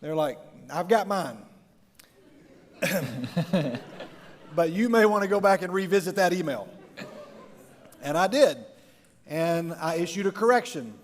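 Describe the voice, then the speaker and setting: A man's voice: high voice, lively intonation, unhurried, pauses often. A middle-aged man speaking as a youth pastor, a jokey, rambling storyteller who laughs often at his own stories. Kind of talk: humorous talk to a live youth audience. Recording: long reverb of a large hall.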